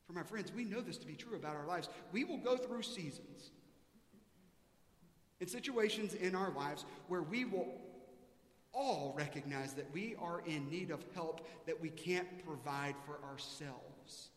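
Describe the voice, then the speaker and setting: A man with a high voice preaches a sermon in a large church. His lively storytelling swings from loud, high-pitched bursts down to hushed, earnest lines, and his voice rings out with a long echo through the hall. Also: unhurried. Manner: storytelling, voice rising high and loud in the joke, dropping soft for emphasis. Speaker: pastor.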